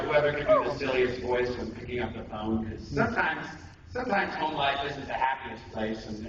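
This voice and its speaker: A male voice actor jokes self-deprecatingly and wanders off on tangents while running a relaxed acting workshop at a convention. His voice is middle-pitched and distant, and the recording sounds dull, with strong echo and steady room noise throughout.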